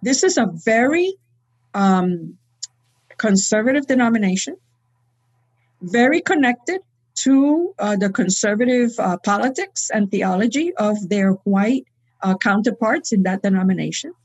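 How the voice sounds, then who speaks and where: A woman's voice: mid-range voice, animated, measured pace, a little mellow, poor audio. A woman telling a long church story in conversation, acting out the people she quotes. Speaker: guest speaker.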